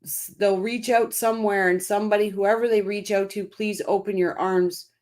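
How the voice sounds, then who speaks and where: A woman's voice: mid-range voice, steady tone, moderate pace, a little mellow. A woman hosting a casual live-stream, reading out viewer comments by name and answering them with emphatic, impassioned commentary, often repeating her phrases.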